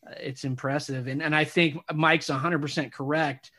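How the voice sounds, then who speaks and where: Male podcast co-host, slightly higher voice, thoughtful and halting. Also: fairly even intonation, bright, forceful tone. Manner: reflective, halting, many restarts. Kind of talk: casual interview chat.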